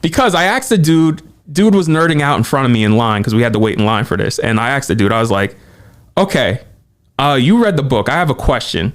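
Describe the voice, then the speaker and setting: Excitable man gushing about a movie. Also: mid-range voice, fairly quick, clean tone. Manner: excited, animated retelling with quoted asides. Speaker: podcast co-host. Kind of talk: casual movie chat.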